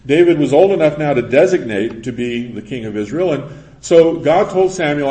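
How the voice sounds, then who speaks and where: A man preaching a sermon who retells scripture with lively voiced quotes. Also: a little high, moderate pace. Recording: roomy echo.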